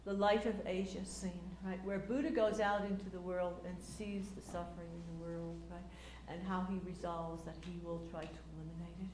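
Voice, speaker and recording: An older woman telling stories in a casual, animated way, acting out quotes with lots of fillers and restarts. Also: lowish voice, brisk, few pauses, reverberant, a little hiss or hum. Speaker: speaker recounting memories. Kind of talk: casual storytelling talk.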